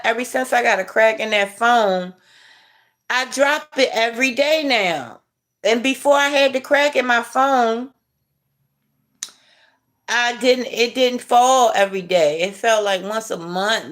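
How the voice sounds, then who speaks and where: A middle-aged woman hosting a casual livestream, chatting with viewers in a laid-back, drawn-out way and chuckling as she reads comments. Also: medium pitch, a bit bright. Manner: laid-back, drawn-out delivery, chuckling while reading chat. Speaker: livestream host.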